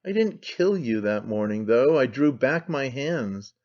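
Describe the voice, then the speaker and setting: A cold, aloof aristocrat answers in a cool, measured tone, voiced by an audiobook narrator. His voice sits mid-range and the recording is somewhat dull. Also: medium pitch, very animated. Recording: slightly dull lo-fi sound.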